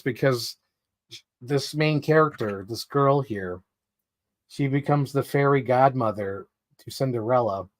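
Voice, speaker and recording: A man's voice: medium pitch, no room sound. Guy rambling on his live stream, chatty fan talk, dry sound, mid voice. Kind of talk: casual chat.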